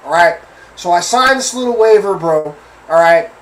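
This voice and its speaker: A podcast host with a high voice tells a story from his own life as a loose rant, speaking at normal speed. He curses a lot, repeats phrases, and keeps asking listeners whether they follow and agree, all animated. The audio is poor, recorded from a distance with slight background noise.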